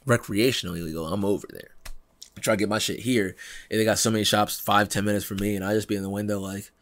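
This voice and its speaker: A young man hosting a podcast in casual chat, animated and laughing, acting out quotes in slangy talk. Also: fairly low pitch, fast. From Pennsylvania, United States. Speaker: podcast host.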